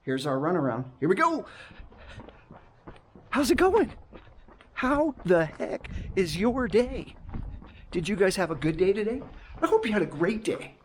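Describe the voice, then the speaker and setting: A man's voice: sits high, a little hiss or hum. A man working as a night security guard, chatting casually to his action camera from a gate booth in a rambling, restless way. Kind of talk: casual vlog chat to camera.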